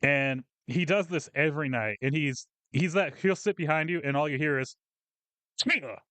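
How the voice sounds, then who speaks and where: A man's voice: a little high, moderate pace, a bit bright, clear, resonant tone, no room sound. Profane ranting man, dry sound. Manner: profane, ranting storyteller acting out coworkers. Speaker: podcast co-host. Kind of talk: casual venting chat.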